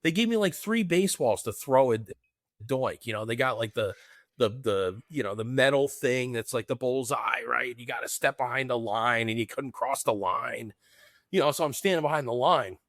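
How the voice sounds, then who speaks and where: A man's voice: mid-range voice, animated, normal speed, a bit bright, dry recording, clean studio sound. A man co-hosting a podcast, telling stories in a loose, laughing, casual way. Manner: laid-back, laughs often, calls people man and brother. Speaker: podcast co-host. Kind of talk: casual chat.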